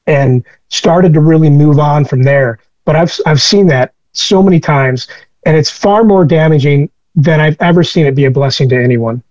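A man's voice: fairly high pitch, moderate pace, a little mellow, no room sound. A man speaking as an interview guest, telling personal stories in a candid, reflective way, on a dull lo-fi recording.

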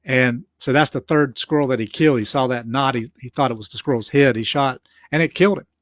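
A man's voice: mid-range voice, fairly quick, no room sound, highs cut off. A man who explains and retells a preacher's story in plain talk, with frequent restarts. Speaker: commentator on a recorded sermon. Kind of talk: explanatory commentary.

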